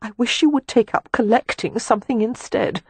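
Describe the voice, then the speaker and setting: A man's voice: sits high, animated, unhurried, slightly rough, no room sound, voice pushed up, full character voice. Timid flustered young woman, voiced by a man. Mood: embarrassed. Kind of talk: audiobook dialogue.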